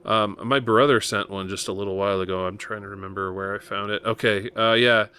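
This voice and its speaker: A man's voice: lowish voice, steady tone, a little fast, bright, forceful tone, clear, resonant tone. A man from Nebraska hosting a podcast in casual chat, rambling with lots of fillers and chuckles. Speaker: podcast host.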